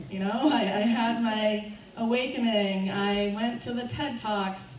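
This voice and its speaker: A woman's voice: mid-range voice, steady tone, measured pace. Woman speaker at a fundraiser, nervous, laughing storyteller, caught from far off in a roomy space. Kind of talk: personal story told to a live audience. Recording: roomy, distant, faint background noise.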